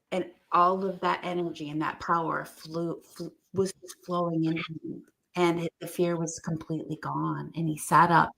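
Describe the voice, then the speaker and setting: A woman's voice: lowish voice, steady tone, normal speed, gravelly, sharp tone. A middle-aged woman, a podcast guest, tells a story in conversation and acts out the quoted voices with animation.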